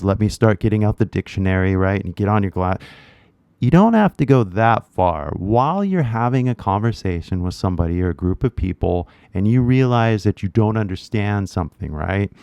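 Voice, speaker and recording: Male accent coach, Californian accent, easygoing slangy delivery, low-pitched, dry sound. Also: darkish tone, no echo. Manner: laid-back slangy talk, keeps tagging "right?". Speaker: English accent teacher. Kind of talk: casual spoken lesson.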